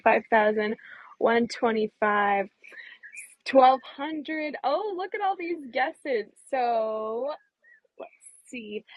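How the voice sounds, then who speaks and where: A woman's voice: on the high side, dry recording, dull audio. A woman guiding viewers on a casual live walking tour outdoors in a small hillside village, chatty and enthusiastic, often asking her audience questions. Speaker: tour guide and travel vlogger.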